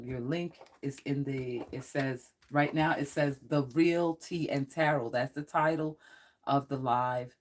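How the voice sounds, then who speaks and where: A psychic tarot reader talks casually to a live-stream audience in a mid-range voice. The talk rambles and often breaks into laughter. It turns blunt and threatening toward anyone making trouble in the chat. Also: mid-range voice.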